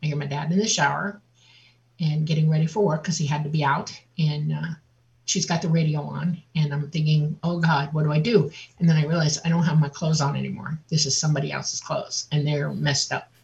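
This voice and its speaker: A woman guest on an interview, telling a personal story in a lively way and acting out the voices of other people. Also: low voice, a little fast, creaky. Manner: vivid, laughs often, acts out quotes. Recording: dull lo-fi audio.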